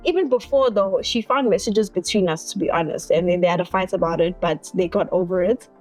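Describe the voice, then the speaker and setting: Animated woman telling a story. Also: on the low side, fairly quick, faint music behind. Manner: animated, acting out the other people's lines as she tells it. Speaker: interview guest. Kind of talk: personal storytelling.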